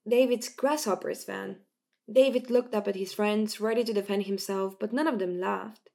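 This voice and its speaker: A woman reads a children's novel aloud at a steady pace. Her voice has a gravelly, creaky texture. The telling stays even and plain. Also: medium pitch, normal speed. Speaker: narrator. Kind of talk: audiobook narration.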